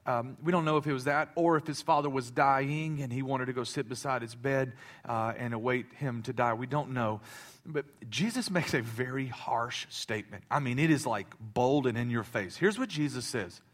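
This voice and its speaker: At medium pitch and normal speed, this thirtysomething male pastor delivers a sermon that shifts from soft, confiding words to loud, impassioned preaching, stammering and restarting often.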